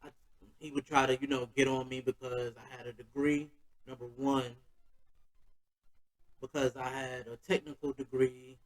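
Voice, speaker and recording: A man's voice: mid-range voice, little pitch movement, normal speed, long pauses, poor audio. A man hosting a podcast, telling a personal story in a loose, slangy, conversational way. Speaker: podcast host.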